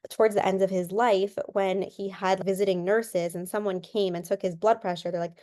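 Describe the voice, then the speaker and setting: A woman's voice: medium pitch, fairly even intonation, normal speed, warm tone. A woman, a guest counselor and coach, talking casually in an interview and explaining ideas through examples, often repeating a word as she restarts.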